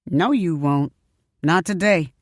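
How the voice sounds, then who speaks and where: A woman reading an audiobook, voicing a blunt, folksy psychic who talks in a sharp-tongued way. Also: on the low side, slow, no echo, studio quality. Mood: teasing.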